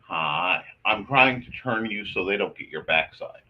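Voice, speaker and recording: A man hosting a casual livestream, chatting to his audience and softly talking to his cat while he draws. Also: fairly low pitch, lively intonation, a little slow, highs cut off. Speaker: host.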